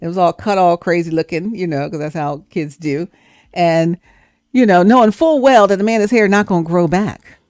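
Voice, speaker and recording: A woman hosting a livestream, telling a story in a chatty, animated way. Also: lowish voice, normal speed, no echo, clean studio sound. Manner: chatty and animated, breaks into laughter. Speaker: livestream host. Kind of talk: casual storytelling.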